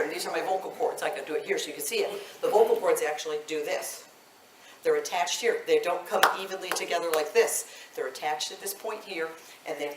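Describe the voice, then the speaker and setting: A woman in her fifties, a voice teacher leading a live vocal workshop, chatty and animated, laughing often. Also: fairly low pitch, slight background noise. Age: 50s. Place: indoor workshop room. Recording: echoey room, mic at a distance.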